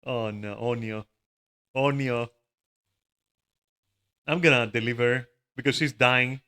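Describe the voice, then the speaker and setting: A man's voice: mid-range voice, fairly even intonation, slow pace, sharp tone, clear, resonant tone. A man giving live gameplay commentary, swearing often, laughing and exclaiming in dismay. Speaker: gamer streaming a raid.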